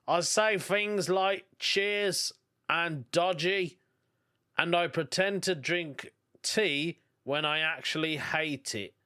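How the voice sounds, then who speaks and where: Slow-talking Birmingham comedian. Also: male voice, on the high side, pushed and bright. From England. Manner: chuckles often while reading listener stories aloud. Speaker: comedian podcast host. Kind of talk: casual comedy podcast monologue.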